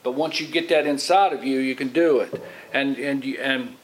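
A man's voice: medium pitch, normal speed, poor audio. A middle-aged man giving an informal Bible teaching in a rambling way, with restarts and repeated words, often acting out what other people say. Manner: rambling, repeats and restarts, acts out quoted voices. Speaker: lay preacher, Bible teacher. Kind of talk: informal sermon.

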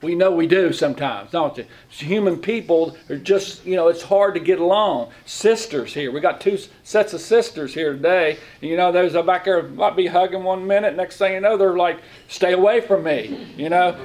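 A man's voice: sits high, moderate pace, hardly any pauses, a little mellow. A middle-aged man giving a conversational sermon as a lay preacher, folksy, talking in plain informal grammar and often asking the room questions.

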